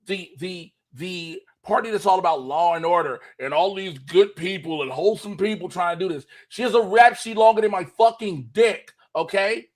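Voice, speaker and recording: A man's voice: high voice, moderate pace, hardly any pauses. A man co-hosting a podcast from his apartment, ranting emphatically and swearing heavily in casual chat. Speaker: podcast co-host, comedian. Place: home apartment, at his camera.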